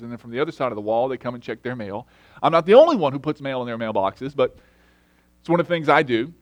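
A middle-aged man preaching a sermon in an earnest, storytelling way, dropping soft and then rising emphatic. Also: medium pitch, dry recording. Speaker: lay preacher.

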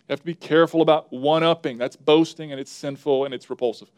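A man preaching a sermon with a fairly high voice. He speaks emphatically and stacks up repeated phrases. Now and then he breaks off to talk to whoever runs the slides. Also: fast talker, few pauses. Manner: talks to the slide operator mid-sermon.

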